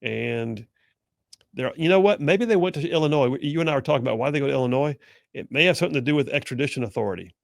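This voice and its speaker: A man's voice: medium pitch, vocal fry, fairly bright tone, no room sound, studio quality. A man hosting a political talk show, delivering sarcastic commentary and mocking opponents in whiny put-on voices.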